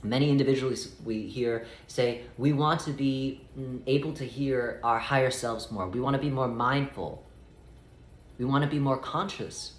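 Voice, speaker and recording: Man giving slow spiritual guidance. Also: medium pitch, roomy sound. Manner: measured, speaks as "we", slows to stretch key phrases. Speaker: spiritual teacher.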